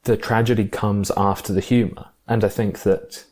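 A man with a fairly low voice chats about films with a friend, enthusiastic and a little rambling. He often stops to rethink a sentence, with plenty of "um" and "like", and keeps the tone easygoing. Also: flat delivery, normal speed, darkish tone. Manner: enthusiastic, thinks aloud with fillers and restarts. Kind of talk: casual film discussion.

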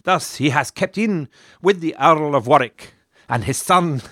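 A man's voice: on the high side, expressive, measured pace, pushed and bright, no echo, studio quality, voice pushed up, full character voice. A man putting on a stately Italian ambassador. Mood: formal. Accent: put-on Italian accent. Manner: formal, stately reading of a letter. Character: pompous male Italian ambassador writing dispatches.

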